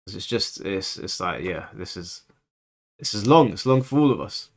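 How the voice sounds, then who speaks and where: A man's voice: sits low, lively intonation, normal speed. A man in his thirties from London with a London accent, hosting a livestream and chatting casually with viewers, rambling through stories and acting out quoted speech. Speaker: livestream host.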